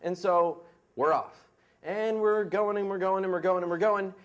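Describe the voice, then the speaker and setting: A young American man in his twenties telling a story on stage in a casual, animated way, full of "like" and "you know.". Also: high voice, normal speed. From United States. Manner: casual, animated, heavy use of "like". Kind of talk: live story slam storytelling. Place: stage before a live audience.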